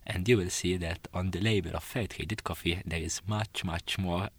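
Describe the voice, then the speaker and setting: A man with a very low voice explains things in a measured, steady way. He is a guest in a radio studio. The sound is dry and close. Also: breathy edge, dry recording. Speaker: studio guest on fair trade.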